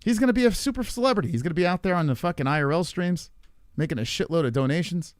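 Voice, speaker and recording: A man hosting a livestream, loud and profane, reacting to a clip and talking to his chat. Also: high voice, expressive, very fast, dry recording, studio quality. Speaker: livestream host. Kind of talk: casual livestream commentary.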